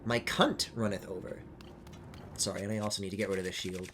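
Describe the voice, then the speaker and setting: A man streaming a video game, chatting casually, rambling and swearing, with sudden excited squeals. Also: deep voice, brisk, a little hiss or hum. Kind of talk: casual live-stream commentary. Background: game music.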